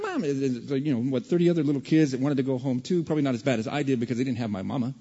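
A man preaching a sermon as a pastor, telling a childhood story in an animated way and acting out other people's voices. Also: a little high. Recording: dull, reverberant hall recording.

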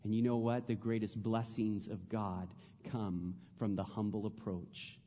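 A man preaching a sermon as pastor, earnest, repeating phrases and dropping to a hush on prayers. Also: fairly low pitch, level tone, a little slow, big-room sound, highs cut off.

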